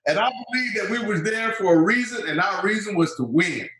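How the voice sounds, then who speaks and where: In a storytelling interview, a man in his fifties who once played football brings his anecdotes to life by performing the quoted voices. His voice is high-pitched and brisk, and the recording has a roomy echo.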